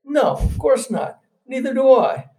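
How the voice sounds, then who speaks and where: A man doing a deadpan quick-witted old politician. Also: extremely high pitch, pitched above the performer's own voice, heavily acted. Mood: wry.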